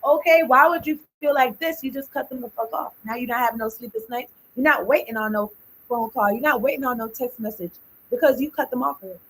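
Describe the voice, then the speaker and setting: A woman's voice: on the high side, fast talker, fairly bright tone, a little hiss or hum, low-quality recording. A woman giving a casual tarot reading, thinking aloud, blunt and informal, often trailing off. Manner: blunt and informal, with slang and swearing. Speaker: tarot card reader.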